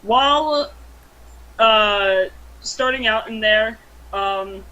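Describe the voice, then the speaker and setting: A young woman running a tabletop game over a voice call, recapping the last session slowly, with lots of ums and easy laughs. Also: on the high side, bright, forceful tone, highs cut off. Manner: unhurried, filler-heavy, laughs easily. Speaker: game master. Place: room at home. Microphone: computer mic on a voice call.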